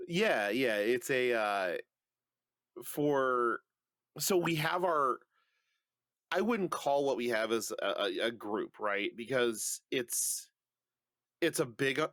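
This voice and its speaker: A man's voice: mid-range voice, a bit bright, no echo, clean studio sound. A man co-hosting a podcast in casual chat, joking and swearing bluntly. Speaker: podcast co-host.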